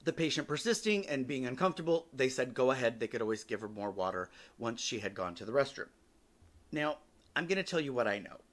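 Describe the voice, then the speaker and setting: Male podcast host, forties, candid wry storyteller, middle pitch, casual swearing. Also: animated, a little fast, fairly bright tone.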